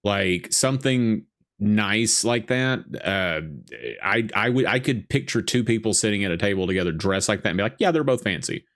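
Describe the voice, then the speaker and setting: A man's voice: fairly low pitch, moderate pace, fairly bright tone. A man co-hosting a podcast, chatting casually while watching a movie and telling rambling jokes and stories. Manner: rambling, joking storyteller. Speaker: podcast co-host.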